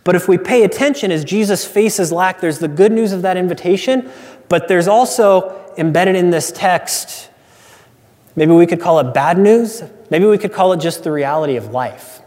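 A man's voice: sits high, moderate pace, darkish tone. A man preaching a sermon as pastor, earnest and emphatic, repeating key phrases for weight. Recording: reverberant hall sound.

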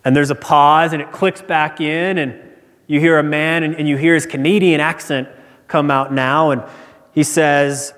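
A pastor preaching a sermon in a relaxed, conversational storytelling way that builds to emphatic repetition. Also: male voice, on the high side, moderate pace. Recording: church hall reverb.

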